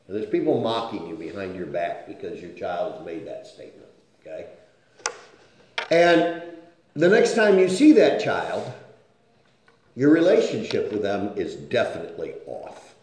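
A man preaches with a lively, rising and falling voice, earnest and searching. His tone is mellow and soft at the edges. The sound rings out through a very echoey room. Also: mid-range voice. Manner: earnest, keeps asking "okay?" to check on listeners. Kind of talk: sermon.

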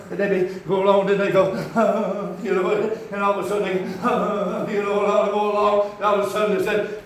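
Folksy preacher in an echoey church. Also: male voice, sits high, slight background noise. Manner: rambling folksy preaching, rising to shouts. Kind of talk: sermon. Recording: echoey hall from far off.

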